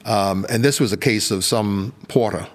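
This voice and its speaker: A man's voice: fairly low pitch, normal speed. An older man from the Bahamas with a Bahamian accent, telling anecdotes as a podcast guest, full of fillers and restarts. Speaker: guest, former politician. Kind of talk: podcast interview storytelling.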